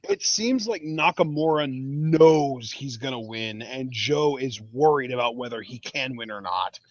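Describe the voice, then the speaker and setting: A man's voice: mid-range voice, animated, measured pace, no room sound. A man co-hosting a podcast in casual chat, talking things through analytically with frequent restarts. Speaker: podcast co-host. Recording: dull, dry lo-fi mic.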